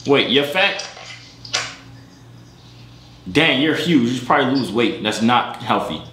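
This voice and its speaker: A young man vlogging late at night, blunt and teasing in a deep, sleepy voice. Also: lively intonation, measured pace, pushed and bright, reverberant, a little hiss or hum. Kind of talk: casual video chat banter. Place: bedroom at night.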